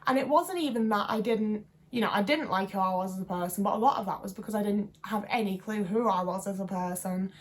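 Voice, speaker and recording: A woman's voice: medium pitch, fast talker, hardly any pauses. A woman in her twenties talking to camera in a casual vlog, chatty and rambling with lots of fillers and self-deprecating asides. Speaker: vlogger.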